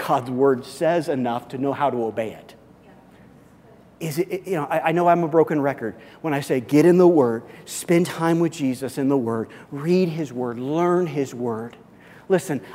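A man's voice: fairly high pitch, darkish tone. A male pastor preaching a sermon in an earnest, emphatic way, repeating key phrases. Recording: long hall reverb.

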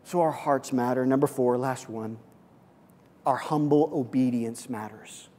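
A man's voice: medium pitch, fairly even intonation, unhurried, warm tone. A male pastor preaching a sermon in an earnest, emphatic way, repeating key phrases. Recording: long hall reverb.

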